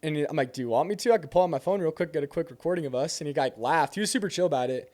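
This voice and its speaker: A man's voice: a little high, rapid-fire, a little mellow. A young man telling a door-to-door sales story in casual chat, acting out both sides of the conversation.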